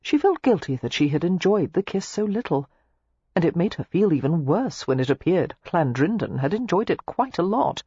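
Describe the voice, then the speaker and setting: A woman narrating a romance novel audiobook with expressive storytelling. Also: on the low side, normal speed, breathy edge, dry recording. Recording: slightly muffled, dry lo-fi recording.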